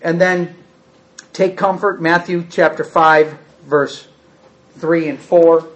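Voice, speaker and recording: A man preaching a sermon who acts out quoted speech with big swings in pitch and loudness. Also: steady tone, slow, low-quality recording.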